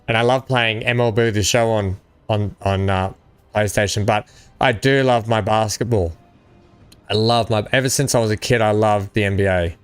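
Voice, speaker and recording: An Australian man hosts a gaming video, chatting enthusiastically and often rambling as he plays. His lowish voice has fairly even intonation and a moderate pace. The sound is clean with no room echo, and soft music plays in the background.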